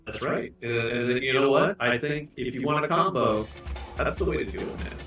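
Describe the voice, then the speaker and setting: A man's voice: mid-range voice, brisk. Distant, echoey American man joking around. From Arizona, USA. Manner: animated, joking storyteller who acts out voices. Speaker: co-host guest. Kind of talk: casual livestream chat. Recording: echoey, distant mic with faint music.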